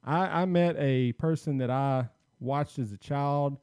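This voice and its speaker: A man hosting a casual podcast, telling an animated story and acting out what people said. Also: mid-range voice, a little slow, clear, resonant tone, no echo, clean studio sound. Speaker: podcast host.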